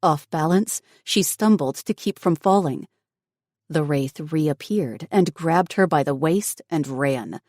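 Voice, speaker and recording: A woman narrating an audiobook in steady, even scripted narration. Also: low voice, slow pace, dry recording, clean studio sound.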